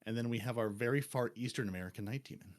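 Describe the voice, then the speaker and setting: A man co-hosting a gaming podcast with deadpan joking asides in casual chat. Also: medium pitch, very fast. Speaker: podcast co-host.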